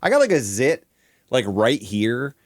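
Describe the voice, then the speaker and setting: A man from Michigan chatting casually on a live stream, goofy and crude, rambling with giggles and sudden high yelps. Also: very animated, unhurried, dry recording, clean studio sound.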